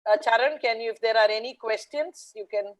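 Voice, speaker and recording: A woman, a math educator telling a lively story to teachers in a video call webinar. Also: a little high, fairly quick, noisy background. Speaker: guest speaker, math educator.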